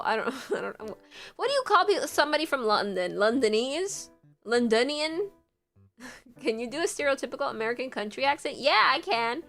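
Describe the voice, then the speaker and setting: Giggly high-voiced young woman streamer. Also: fairly bright tone. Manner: giggly, rambling, lots of "like". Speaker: livestream host. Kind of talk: casual chat with viewers.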